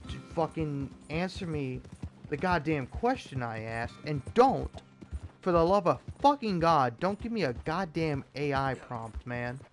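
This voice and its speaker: A man's voice: a little high, big pitch swings, unhurried, soft background music. A young American man ranting with heavy profanity and stammered restarts while commenting over gameplay. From United States. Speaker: gaming YouTuber.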